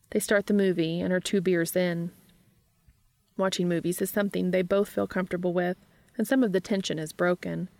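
A woman reads a fan fiction story aloud in a steady narrating voice. Her tone sits a little low with a gravelly texture, recorded close and dry. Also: dry recording.

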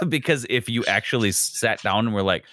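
A man's voice: mid-range voice, sing-song, normal speed, pushed and bright, no room sound, clean studio sound. A man chatting casually as a podcast host, acting out everyday exchanges in little voices. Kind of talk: casual conversation.

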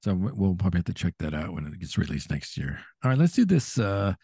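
A man co-hosting a podcast in casual chat, chatty and quick to laugh. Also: breathy edge, dry recording, studio quality. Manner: chatty, laughs often, animated pitch swings. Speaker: podcast co-host.

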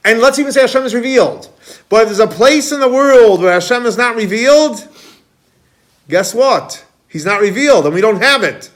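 A man teaching a Kabbalah class as a rabbi, animated, quizzing students and repeating key points. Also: very high voice, moderate pace. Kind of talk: classroom lecture.

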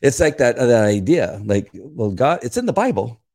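This is an older talk-show regular chatting casually about how scent detection works. His voice sits at medium pitch with an ordinary tempo, and he livens things up by performing conversations aloud, raising his voice for the quoted lines.

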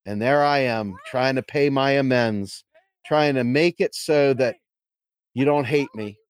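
A middle-aged man hosting a casual livestream, talking in an animated, playful, self-mocking way. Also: mid-range voice, measured pace, clear, resonant tone, no room sound. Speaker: podcast host.

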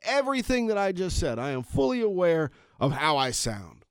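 A man's voice: fairly high pitch, big pitch swings, normal speed, clear, resonant tone, no room sound, clean studio sound. A middle-aged man hosting his own podcast, ranting in a casual, rambling way with self-aware asides. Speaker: podcast host. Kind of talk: casual solo podcast rant.

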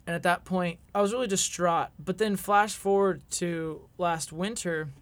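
A man in his twenties, a podcast guest, telling a personal story in an earnest, reflective way with halting restarts. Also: high-pitched.

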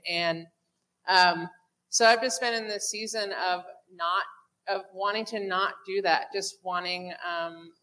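A woman sharing a personal faith testimony to a group, halting with many restarts and fillers. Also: fairly low pitch, sharp tone, rough recording.

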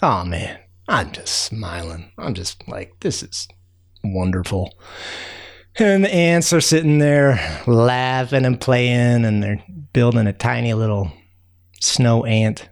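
A man voicing a chatty male raccoon who tells a rambling, excitable tall tale, full of fillers and sound effects, with a gravelly voice. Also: medium pitch, slow. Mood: excited. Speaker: storyteller.

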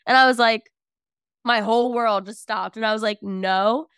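A woman's voice: a little high, steady tone, brisk, fairly bright tone, clean tone, no echo, studio quality. A woman in her twenties, a podcast guest telling a personal story in a chatty, filler-heavy way. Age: 20s. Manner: chatty, filler-heavy, acts out family dialogue. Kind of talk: casual storytelling.

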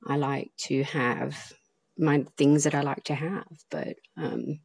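A woman's voice: sits low, steady tone, slow, a little mellow, dry recording. A woman hosting her own podcast, talking in a rambling, heartfelt way with plenty of ums and restarts. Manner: rambling, heartfelt, lots of fillers. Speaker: podcast host. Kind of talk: casual podcast monologue.

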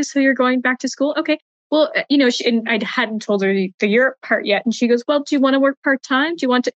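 A woman psychotherapist guest telling her story in an animated, conversational way. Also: on the high side, no room sound, muffled recording. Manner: storytelling, animated, quick asides. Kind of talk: conversational interview.

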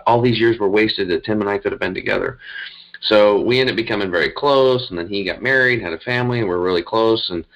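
A man's voice: fairly low pitch, a bit bright, low-quality recording. A middle-aged man, a health coach, telling his story in a rambling, earnest way, with many fillers and restarts. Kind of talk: casual interview storytelling.

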